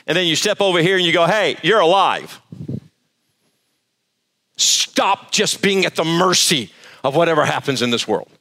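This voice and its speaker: A pastor preaching to a live church service, emphatic and quizzing the congregation for answers. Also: male voice, fairly high pitch, a little fast, bright, forceful tone. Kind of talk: sermon.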